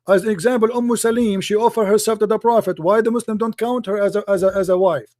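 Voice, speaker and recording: Man, high voice, dry close sound, combative debate host, mocking, repetitive challenges. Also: steady tone, fast, a little mellow, no room sound. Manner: combative, insistent, repeats his challenges; mocking and insulting. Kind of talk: heated debate.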